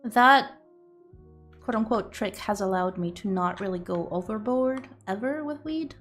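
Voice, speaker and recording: A woman's voice: mid-range voice, unhurried, a bit bright, soft background music. A young woman streaming, chatting casually and rambling with giggles and loose swearing. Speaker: streamer and artist.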